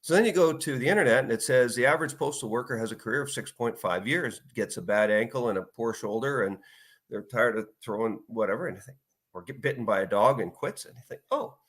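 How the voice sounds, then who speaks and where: A man in his fifties, an author guest in a casual interview, telling stories and acting out quotes in lively bursts. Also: medium pitch, fast talker. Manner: animated storyteller, acts out quotes.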